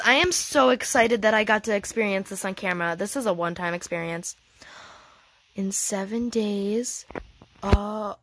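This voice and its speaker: A woman giving casual, excitable gameplay commentary, gushing and giggly as she thinks aloud. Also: a little high, dry recording. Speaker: gaming channel host.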